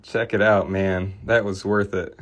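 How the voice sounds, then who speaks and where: Chatty low-voiced man telling a story. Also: flat delivery, a little slow, a bit bright. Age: middle-aged. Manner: rambling storyteller, laughs often, chatty with viewers. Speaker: card cleaning livestream host. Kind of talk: casual livestream chat.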